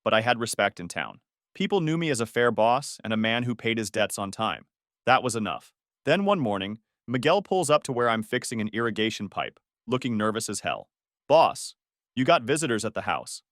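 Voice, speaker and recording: A man in his thirties telling his own story in first person, blunt and plain-spoken. His voice moves around lively in pitch, and the sound is close and dry with no room. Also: dry recording. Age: 30s. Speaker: narrator.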